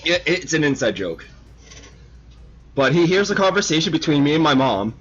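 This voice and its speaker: Profane man spinning lively stories. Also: a little high, normal speed, dull audio. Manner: profane, animated storyteller. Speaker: host of a model-building stream. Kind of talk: casual storytelling chat.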